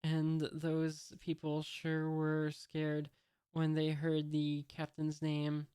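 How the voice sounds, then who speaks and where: Casting: jittery young male recruit, read plainly by a man, slow and level. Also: fairly high pitch, clean tone, no echo. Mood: nervous. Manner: flat read-aloud delivery with fillers. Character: timid young male aspiring sailor, nervous.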